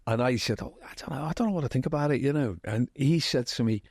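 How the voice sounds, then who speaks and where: A man with a Liverpool accent, a TV writer being interviewed, telling anecdotes in a lively, chatty way, acting out quotes and laughing often. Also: medium pitch, quick pace, slightly rough, dry recording, studio quality. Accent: Liverpool (Scouse). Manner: animated storyteller, acts out quotes, laughs often. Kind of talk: casual anecdotal interview chat.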